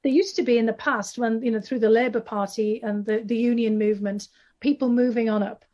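A woman's voice: a little high, steady tone, fairly quick, a little mellow, muffled recording. A woman with a Northeast English accent, an author answering interview questions at length, with many fillers and restarts. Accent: Northeast England. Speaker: author guest.

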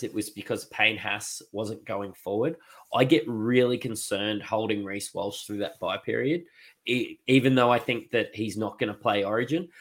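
A man co-hosting a fantasy sports podcast, relaxed and joking as he thinks aloud. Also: on the low side. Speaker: podcast co-host. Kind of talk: casual fantasy sports chat.

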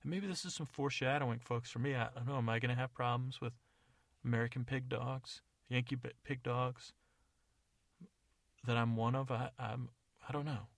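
A man telling a comic story in a rambling monologue, correcting himself and tossing in deadpan asides. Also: mid-range voice, normal speed, vocal fry, no room sound. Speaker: comedy podcast narrator.

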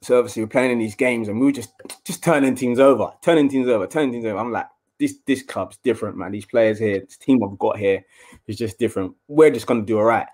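A young man tells a story in a casual interview. His talk is chatty, and he acts out what others said in a raised, animated voice. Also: medium pitch, quick pace. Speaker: former footballer, guest.

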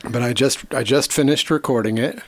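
A man chats casually on his podcast, relaxed and halting, often restarting his sentences. His voice sits at a middling pitch. The sound is dry and close. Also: no room sound. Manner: relaxed, halting, repeats himself. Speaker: podcast co-host. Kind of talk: casual chat.

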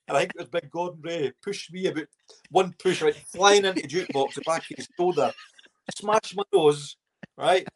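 Giggly Scottish man telling stories. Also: medium pitch. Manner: giggly, animated anecdotes with put-on voices. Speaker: podcast guest, former footballer. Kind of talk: casual storytelling interview.

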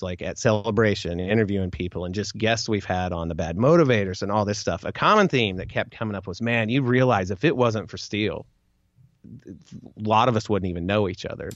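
Podcast co-host, man, loose and chatty, slightly low voice, dry close sound. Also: dry recording, dull audio. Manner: relaxed, rambling storytelling with fillers. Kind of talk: casual chat.

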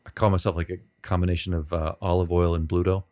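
Deep-voiced guy rambling thru a story, laughs at himself, lots of restarts. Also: flat delivery, dark tone. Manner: rambling, self-deprecating, halting restarts. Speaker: podcast host being interviewed. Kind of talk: casual storytelling.

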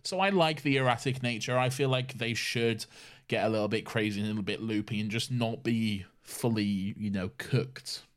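A man co-hosting a podcast, chatting casually in a relaxed way, laughing often and hedging his points. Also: fairly low pitch, normal speed. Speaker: podcast co-host. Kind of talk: casual chat.

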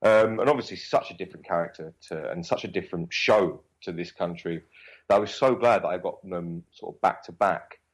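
A man's voice: low voice, fairly quick, poor audio. A young man with a Cockney accent, an actor chatting as an interview guest, rambling and swearing freely. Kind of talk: casual interview chat.

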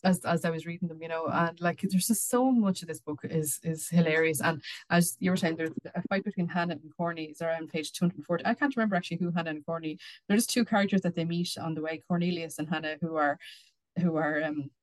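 A woman's voice: sits low, fairly even intonation, fast talker, rough recording. An Irish woman co-hosting a podcast about a book, talking with many restarts. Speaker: podcast co-host. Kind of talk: casual chat and reading aloud.

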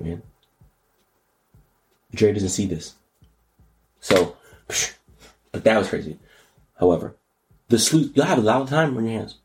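A man hosting a casual comedic news podcast, slangy and animated, often jumping into high mocking voices. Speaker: podcast host.

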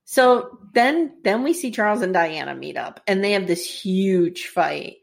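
A woman casually chatting as a podcast co-host, telling the story in an animated way and acting out quotes. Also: medium pitch, a little slow, gravelly. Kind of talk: casual chat recapping a TV series.

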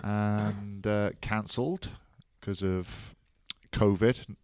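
A man co-hosting a sports podcast, chatting casually with jokey banter and relaxed rugby analysis. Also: on the low side, very slow, smooth, no echo, studio quality. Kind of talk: casual chat.

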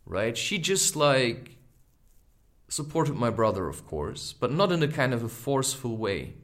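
A man in his thirties talks through a personal story on his podcast. His pitch rises and falls a lot as he speaks. He sounds reflective and candid, often pausing for small asides. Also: very animated. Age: 30s. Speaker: podcast host.

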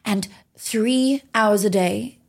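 Woman, 30s, from the UK; energetic motivational speaker giving a podcast interview, emphatic delivery. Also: medium pitch, slow pace, creaky. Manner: energetic, emphatic, swears freely.

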